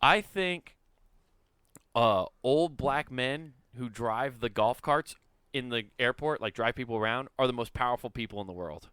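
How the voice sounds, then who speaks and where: A man's voice: mid-range voice, animated, normal speed, fairly bright tone, smooth, no room sound. A man on a casual podcast telling a rambling story full of fillers and swearing. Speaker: podcast host.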